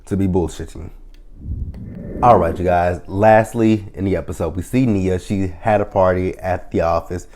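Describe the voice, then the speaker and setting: Male reviewer with a deep, mellow voice and a goofy, foul-mouthed recap style. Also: moderate pace. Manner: profane, goofy, animated retelling. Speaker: TV episode reviewer. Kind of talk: casual episode recap.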